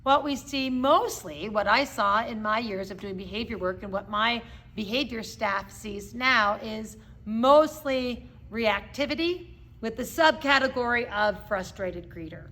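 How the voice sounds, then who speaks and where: Woman, middle-aged, dog trainer, casual lesson, bright tone, frequent "okay?". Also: on the high side, a little slow. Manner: explains with hand puppets, frequent "okay?" check-ins. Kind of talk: casual instructional talk.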